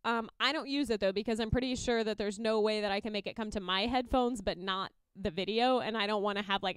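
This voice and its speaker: Talking fast with few pauses, a young woman with a smooth, mid-range voice describes how she builds song arrangements for her looper. The loop musician keeps this casual tutorial chatty and upbeat, now and then singing or beatboxing short examples, and there's no room sound.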